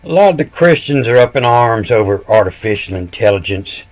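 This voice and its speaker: A man's voice: mid-range voice, animated, fairly quick. A man in his fifties giving a meandering online lecture on ancient letters, spelling words out letter by letter as he goes. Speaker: self-taught ancient language teacher.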